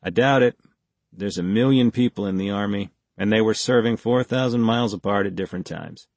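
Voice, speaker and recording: A man's voice: lowish voice, brisk, a little mellow, no echo. A male audiobook narrator voicing a terse, guarded former army major who gives clipped, dry answers. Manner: laconic, clipped, dry replies. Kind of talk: audiobook character voice.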